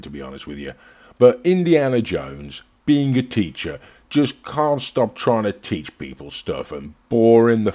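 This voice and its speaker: Sweary British man with animated delivery. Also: lowish voice. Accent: British English. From Britain. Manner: sweary, sarcastic, rambling. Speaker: comedy reviewer. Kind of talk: comedic monologue, crude rant. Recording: dull lo-fi recording.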